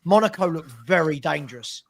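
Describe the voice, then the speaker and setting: A man's voice: fairly high pitch, lively intonation, brisk, gravelly. A man, a fan podcast panelist making emphatic, cautionary points in casual football debate.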